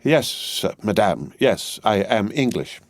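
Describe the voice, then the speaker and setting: A man doing a halting Englishman faking clumsy French. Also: lowish voice, very animated, darkish tone, no echo, studio quality. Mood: feigned. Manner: halting, feigned strong foreign accent. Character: weary Englishman feigning poor French.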